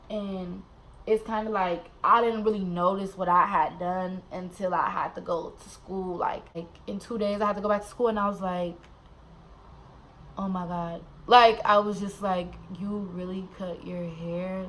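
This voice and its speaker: A woman's voice: mid-range voice, a little hiss or hum, poor audio. Candid young woman telling her story. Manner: candid, animated, slangy, repeats "like" often. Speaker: vlogger. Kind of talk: personal storytelling.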